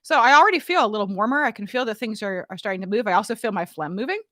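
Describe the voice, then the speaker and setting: A woman voice teacher giving a casual, playful vocal warm-up demonstration in a room at home, talking into a studio mic. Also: medium pitch, racing, no echo. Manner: chatty, playful and relaxed, often asks "right?". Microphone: studio mic, monitored on headphones.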